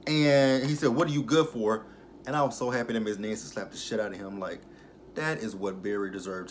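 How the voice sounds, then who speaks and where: A young man gives a loose, swearing recap of a TV episode. He laughs often and jumps into the characters' lines with a lot of energy, in a voice of ordinary pitch for a man. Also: slight background noise. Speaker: TV episode reviewer. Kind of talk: casual recap and commentary.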